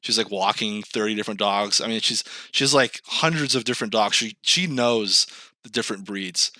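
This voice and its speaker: A man co-hosting a podcast in casual chat, animated and swearing, who acts out quoted lines. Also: fairly low pitch, moderate pace, no room sound, clean studio sound. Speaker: podcast co-host. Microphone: remote call mic, screen sharing.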